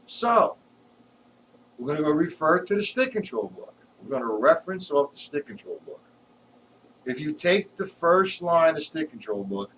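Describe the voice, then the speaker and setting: A man teaching drums in a live-streamed lesson, explaining patterns patiently and counting beats aloud loudly while he plays. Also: fairly high pitch, very animated, moderate pace, slight background noise. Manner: explains patiently, checks if students follow. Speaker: drum teacher. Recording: distant mic with loud drumming.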